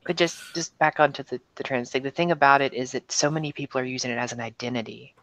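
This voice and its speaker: A woman talking as a guest on a live stream, speaking in a frank, casual way with quick reactions. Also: extremely low pitch, steady tone, a bit bright, rough recording. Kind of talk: casual chat.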